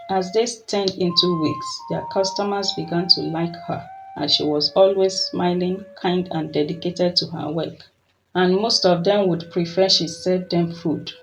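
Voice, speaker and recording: A storyteller giving scripted folktale narration in a measured, steady way. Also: medium pitch, slight background noise, poor audio. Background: soft music.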